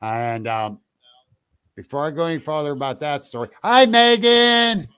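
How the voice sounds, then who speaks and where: Relaxed man hosting a casual chat. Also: mid-range voice, moderate pace, smooth. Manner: relaxed, chatty, greets listeners.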